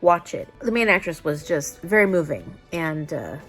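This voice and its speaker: A woman's voice: deep voice, big pitch swings, moderate pace, soft background music. A young adult woman chatting casually to camera as a book vlogger, tired, laughing often and retelling loosely with restarts. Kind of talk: casual vlog chat to camera.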